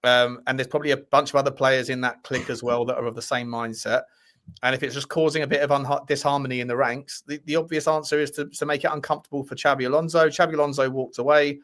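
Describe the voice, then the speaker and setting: A man's voice: mid-range voice, flat delivery, quick pace, a bit bright. A man co-hosting a casual football news chat, jokey and full of restarts and fillers. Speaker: co-host of a football news show.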